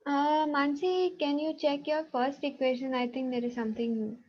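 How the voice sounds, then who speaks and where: A woman's voice: high-pitched, steady tone, moderate pace. Patient woman teaching over dull call audio. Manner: patient, checking students' answers aloud. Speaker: math teacher. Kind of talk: online class teaching.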